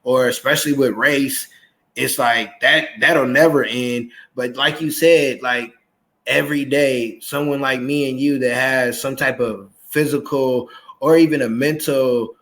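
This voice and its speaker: A man in his thirties hosting a casual interview chat, animated and acting out quoted voices as he talks. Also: medium pitch. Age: 30s. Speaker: podcast host.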